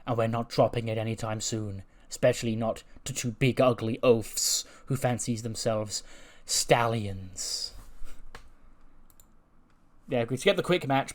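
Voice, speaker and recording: A man casually recapping a wrestling show, chatty and full of fillers. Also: medium pitch.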